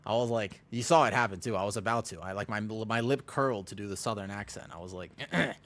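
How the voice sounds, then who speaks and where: A man with a lowish, somewhat bright voice talks fast as he streams a game. The chat is casual and meandering, full of self-mockery, laughter and restarts.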